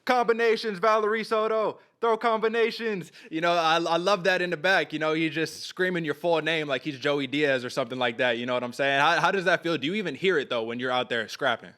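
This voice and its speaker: A man's voice: a little high, quick pace, hardly any pauses, pushed and bright. A man from California hosting a podcast interview, chatting casually in laid-back slang with many fillers. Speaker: podcast host.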